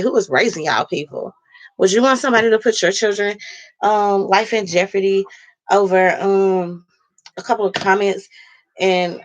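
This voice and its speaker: Blunt, profane woman ranting on her vlog. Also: medium pitch. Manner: blunt, profane, heated storytelling. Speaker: vlogger. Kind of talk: casual vlog rant.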